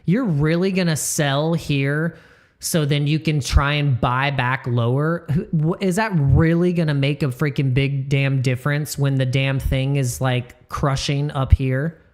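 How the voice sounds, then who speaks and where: A man's voice: fairly high pitch, fairly even intonation, measured pace. A man hosting a casual crypto live stream, talking in a rambling, slangy way that repeats words and jokes with the chat.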